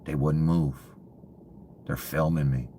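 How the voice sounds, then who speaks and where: Man, extremely deep voice, bitter contemptuous rant, swears, drops to hushed mutters, faint background hiss. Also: steady tone, slow. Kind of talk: ranting monologue.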